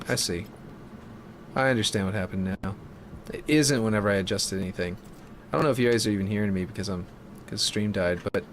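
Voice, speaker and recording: A man's voice: fairly low pitch, slight background noise. A man streaming a game map build live, chatting casually and thinking aloud in a self-mocking way.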